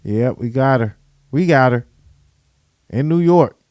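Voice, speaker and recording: A man's voice: medium pitch, lively intonation, slow, darkish tone, no echo, studio quality. A man hosting a podcast, giving casual commentary in a loose, slangy, repetitive way. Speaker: podcast host.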